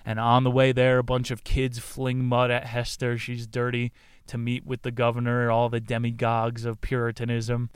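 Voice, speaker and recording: A man's voice: medium pitch, completely flat delivery, moderate pace, clear, resonant tone, no room sound, clean studio sound. A man recording in his car, summarizing a book in an irreverent, crude, casual chat with laughing asides. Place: inside a car.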